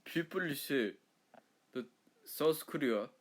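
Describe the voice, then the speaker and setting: A man's voice: a little high, lively intonation, slow pace. A man voicing a brash, boastful Australian patriot in a put-on Australian accent, blurting slang and stumbling, as a comedic accent impression.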